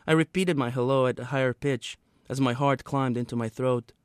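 A man, the author, reading a passage from his own novel aloud in a steady, measured way. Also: mid-range voice, smooth, no room sound, clean studio sound.

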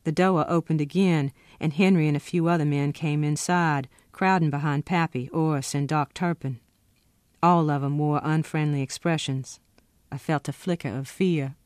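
A woman's voice: sits low, moderate pace, no room sound. Woman author reading her novel, dry and close. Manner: steady, expressive first-person narration.

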